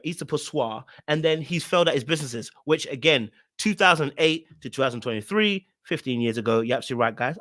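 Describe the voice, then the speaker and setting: A man's voice: high-pitched, bright, forceful tone, dry recording, clean studio sound. A man giving casual reaction commentary, emphatic and blunt, repeating himself with plenty of slang.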